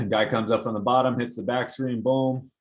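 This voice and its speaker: A young man, a basketball trainer, casually talking through game footage, getting animated and exasperated as he goes. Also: mid-range voice, a little slow, gravelly, rough recording. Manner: animated, gets worked up and exasperated. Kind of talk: casual film-breakdown commentary.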